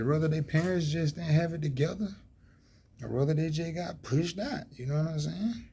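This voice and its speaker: Gravelly, mellow-toned Atlanta man, preachy and rambling, faint noise behind. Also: a little high, animated, moderate pace. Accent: Atlanta Southern. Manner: rambling, heavy fillers, preachy and heated. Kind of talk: casual street talk monologue.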